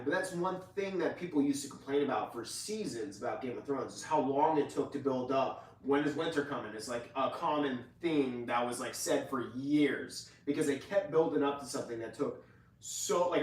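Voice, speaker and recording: Male co-host, loose filler-heavy rambler, mid pitch, heard from a bit off the mic in a roomy space. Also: far from the mic. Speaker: podcast co-host. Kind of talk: casual review chat.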